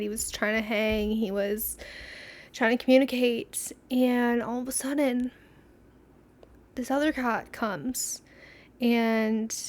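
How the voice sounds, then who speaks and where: A young woman hosting a podcast, telling stories in a rambling, casual way, laughing often and acting out what people said. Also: a little high. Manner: chatty, rambling, laughs often, acts out quotes. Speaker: podcast host. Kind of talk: casual storytelling chat.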